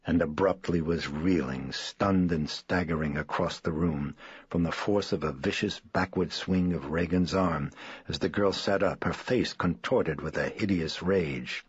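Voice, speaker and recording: Very deep-voiced man narrating. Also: measured pace, husky, no room sound. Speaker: audiobook narrator. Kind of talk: scripted narration. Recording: dull dry studio read.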